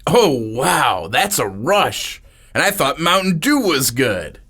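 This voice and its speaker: Man doing a dorky young party host, corny jokes, loud and higher, lively. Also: slow, full character voice. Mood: eager. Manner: corny, joking. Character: goofy clueless young man throwing a party.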